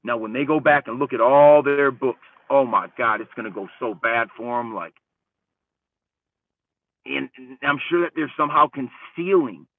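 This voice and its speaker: A man vents in a casual, foul-mouthed rant, his voice jumping between raised outbursts and low mutters. The sound is dry and narrow like a phone line, and he sits a bit back from the mic. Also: moderate pace, no room sound, recorded from a distance. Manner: profane, heated, rambling, swings between loud and muttered. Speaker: channel host.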